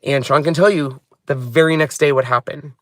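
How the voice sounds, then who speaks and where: Man, higher-pitched voice, rambling heartfelt vlog chat, dry close sound, in a car. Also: fairly even intonation, normal speed, dry recording. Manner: rambling, heartfelt, wanders off on tangents. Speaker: craft channel host. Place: inside a parked car.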